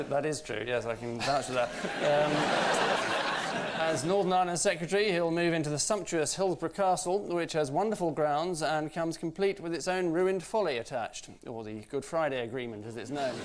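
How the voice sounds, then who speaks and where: A man hosting a quiz show, delivering scripted comic links in a dry, deadpan way. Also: on the high side, moderate pace. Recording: loud studio audience and noise.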